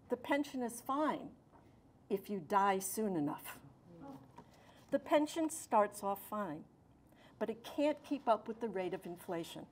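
A retired teacher, an older woman, reading a prepared statement at a briefing in a measured, emphatic way. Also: a little high.

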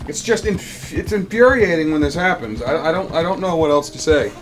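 A man's voice: fairly high pitch, expressive, a little fast, faint music behind. Rambling, stammering gamer guy. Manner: rambling, stammering, frustrated griping. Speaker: let's player. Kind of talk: post-recorded gameplay commentary. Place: home room with air conditioner.

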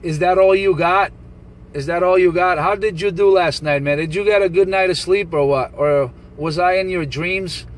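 A man from New Jersey on a CB radio channel, calmly teasing and laughing at a rival. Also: high voice, normal speed, poor audio. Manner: taunting, laughing, calm and teasing. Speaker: CB radio operator recording his channel. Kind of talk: casual radio banter, mocking.

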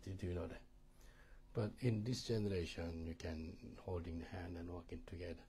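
A man's voice: sits low, fairly even intonation, fairly quick, warm tone. A middle-aged man with a Korean accent, a pastor teaching a marriage course in sermon style, emphatic and repetitive, often checking that listeners understand.

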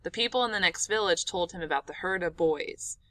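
A woman narrating an audiobook in an expressive, dramatic storytelling manner. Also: fairly low pitch, brisk, no room sound.

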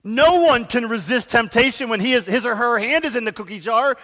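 A man's voice: very high-pitched, animated, a little fast, bright, forceful tone. A man preaching a sermon as pastor, telling stories with self-deprecating asides and urging the congregation. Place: church sanctuary. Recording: long church hall reverb.

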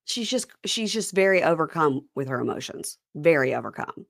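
Lively woman hosting a recap podcast. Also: low voice, normal speed, vocal fry. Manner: animated storyteller, recounting scenes. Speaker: podcast host. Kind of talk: casual recap chat.

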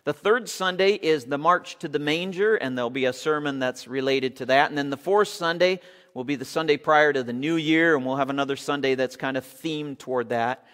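Pastor preaching in a reverberant church. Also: male voice, on the high side, brisk, a bit bright. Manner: leads congregation in call-and-response cheers. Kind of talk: sermon. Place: church sanctuary. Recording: long reverb of a church hall.

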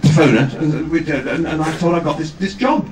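A man, a guest actor at a fan convention, telling self-deprecating anecdotes on stage with halting restarts. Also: a little high. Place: large hall with audience. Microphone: far camera, amateur video. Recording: echoey hall from far off, noisy amateur video.

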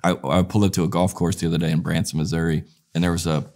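Man, very low voice, rambling, animated storyteller. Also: racing. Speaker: comedian, guest. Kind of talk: casual interview storytelling.

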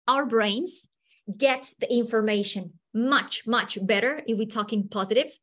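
A middle-aged woman leads a live online teacher workshop over a video call, her voice sitting a little high. She speaks in an animated, upbeat way and coaxes her audience along. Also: measured pace. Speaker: teacher trainer leading a workshop.

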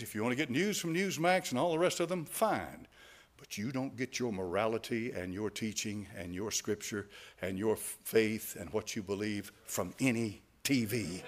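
A man preaching a sermon as pastor, repeating phrases for emphasis and swinging between hushed asides and loud, fervent calls. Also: mid-range voice.

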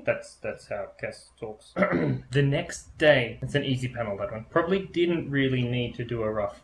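A man's voice: mid-range voice, animated, fairly quick, fairly bright tone, slight background noise. Playful man rambling through a drawing tutorial. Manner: playful, rambling, silly asides. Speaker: animation teacher drawing a comic. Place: room at home with a baby nearby. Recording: roomy echo.

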